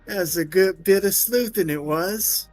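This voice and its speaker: Man doing a rambling, slangy old codger for a game read-through, voice pushed a touch higher. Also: unhurried, a little mellow, soft background music. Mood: nostalgic. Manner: drops into folksy slang, "me" for "my". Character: chatty elderly working-class city man.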